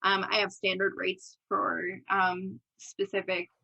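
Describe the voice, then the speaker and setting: A young woman with a bright, forceful voice talks openly as a podcast guest. She laughs easily and slips into little acted quotes of her own past thoughts, in relaxed, candid conversation. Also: mid-range voice, slow, vocal fry, poor audio. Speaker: podcast guest, business owner. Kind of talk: casual interview chat.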